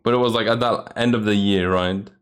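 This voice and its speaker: A man's voice: fairly low pitch, steady tone, brisk, clear, resonant tone. A man hosting a game playthrough, rambling in a chatty way with lots of filler words. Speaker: gaming video host. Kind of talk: let's play commentary.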